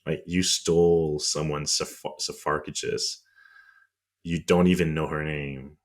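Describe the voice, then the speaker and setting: A French-accented podcast co-host talks about history in a relaxed, casual way, his voice extremely deep and rumbling with a steady tone. He often stops on an um and starts difficult words over again.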